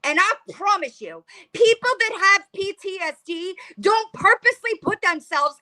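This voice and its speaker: Fiery high-pitched ranting woman. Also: lively intonation, moderate pace, few pauses, bright, forceful tone. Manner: heated, profane, confrontational. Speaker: commentary vlogger. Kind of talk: angry reaction rant.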